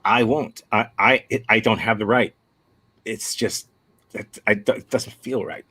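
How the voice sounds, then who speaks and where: A man from the States teaching improv, his voice sitting low. He talks over a video call, answering a student thoughtfully and bluntly. He circles his point with halting starts and restarts. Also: steady tone, pushed and bright, breathy edge. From United States. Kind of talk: answering a student's question in a workshop.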